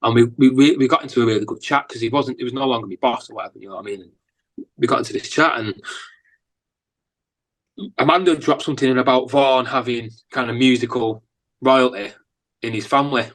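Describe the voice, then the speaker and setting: Northern English male musician, casual rambling storyteller, middle pitch, filler-heavy delivery. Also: brisk, long pauses, rough recording. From England. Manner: rambling, animated anecdotes with lots of fillers. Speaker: musician guest.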